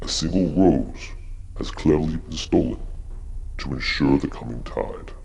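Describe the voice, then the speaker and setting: Casting: man as an ancient spirit, very low and gravelly, husky, solemn rhymes. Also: a little mellow, heavily acted. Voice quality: deep gravelly. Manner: solemn rhyming pronouncements.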